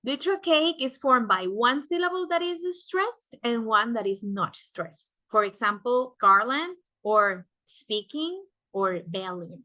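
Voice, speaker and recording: Bright-voiced woman teaching slowly. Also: on the high side, animated. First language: Spanish. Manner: explains step by step, adds "right?" to check understanding. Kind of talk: classroom lecture.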